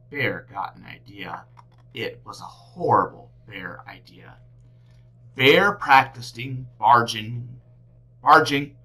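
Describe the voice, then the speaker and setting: A woman teacher reading a picture book aloud to children, with big expressive swings in her delivery. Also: extremely low pitch, slow pace, rough recording. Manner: animated, big swings for characters.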